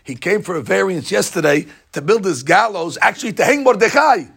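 A man's voice: high voice, expressive, fairly quick, vocal fry, a bit bright, breathy edge, heavily acted. A man voicing a helpful male courtier who talks casually and matter-of-factly. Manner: casual and chatty.

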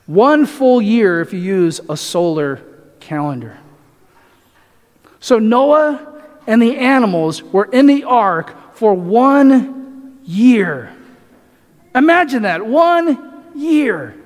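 High-voiced male pastor preaching. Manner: asks the congregation rhetorical questions, often adds "right?". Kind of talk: sermon. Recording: echoey hall reverb.

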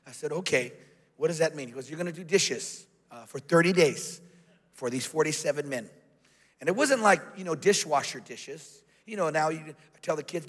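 A man, a pastor, preaching a sermon and telling a personal story, moving from hushed passages to shouted exhortation. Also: a little high, brisk. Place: large church hall. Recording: long hall reverb.

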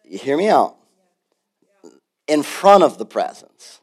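Male pastor, higher voice, very lively, chatty preaching with asides. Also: slow, husky. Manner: animated, conversational preaching with asides. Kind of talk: sermon.

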